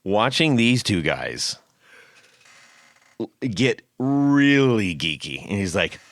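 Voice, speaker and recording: A podcast host with a low, deep voice who recounts anecdotes with lively energy and plenty of laughter. The recording is close and dry, with no room sound. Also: male voice, slow pace, no echo. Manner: animated, laughing storyteller. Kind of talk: casual podcast chat.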